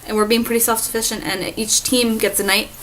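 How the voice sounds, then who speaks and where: A woman's voice: on the high side, level tone, a little fast, fairly bright tone, a little hiss or hum, poor audio. A young woman hosting a casual travel vlog, chatty and rambling with lots of fillers. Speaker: vlog host.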